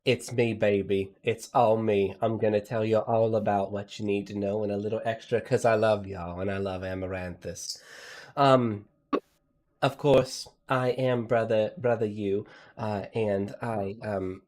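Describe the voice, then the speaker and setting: A man's voice: fairly low pitch, steady tone, a little slow, a little mellow, close to an everyday voice. A man voicing a flamboyant male hobgoblin friar in a tabletop game, gushing and calling everyone baby. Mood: confiding.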